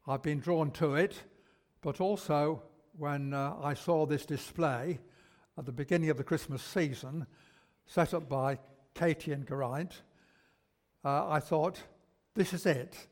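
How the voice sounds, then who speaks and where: Slow, emphatic preacher in a church. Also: male voice, a little high. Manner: slow, emphatic, repeats key words. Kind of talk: sermon. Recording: long church reverb.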